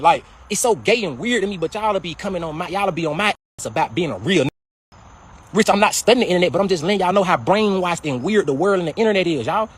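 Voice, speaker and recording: Fast, husky, high-pitched ranting man. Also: animated, fairly bright tone. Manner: profane, fast, repetitive calling-out. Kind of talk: heated casual rant.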